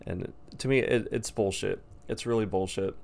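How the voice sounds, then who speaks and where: A young man vlogs in a casual, rambling rant. His voice sits low with a gravelly rasp, and he swears bluntly as he goes. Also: fairly even intonation, moderate pace, darkish tone. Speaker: vlogger.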